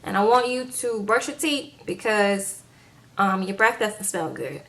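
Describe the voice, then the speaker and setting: A woman's voice: medium pitch, lively intonation, unhurried, fairly bright tone. A woman giving a casual, sassy recap of a reality show, retelling scenes with playful asides to her viewers.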